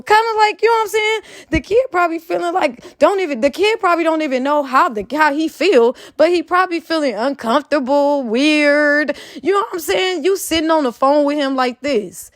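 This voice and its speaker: Woman, high voice, heated profane rant, scolding, dry close sound. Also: lively intonation, moderate pace, no room sound. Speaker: commentary vlogger. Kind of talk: opinion rant.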